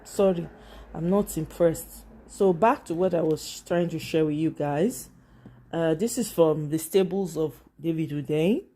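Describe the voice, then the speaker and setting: A woman with a Nigerian accent hosting a live stream on politics, talking in an animated way, mixing English with Pidgin and greeting viewers by name. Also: low-pitched, measured pace. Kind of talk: casual live-stream commentary.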